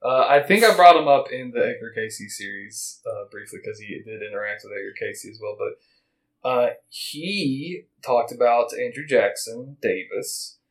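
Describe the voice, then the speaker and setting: Man, podcast host, middle pitch, casual, rambling, reads quotes aloud. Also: poor audio. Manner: rambling, reads quotes and puts on quick voices for them. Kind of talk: casual chat, reading aloud from a book.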